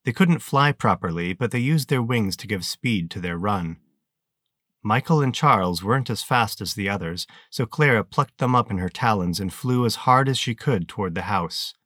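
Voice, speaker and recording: In a low voice, a man narrates an audiobook with steady, measured delivery. The mic is close and the sound dry, with no room echo at all.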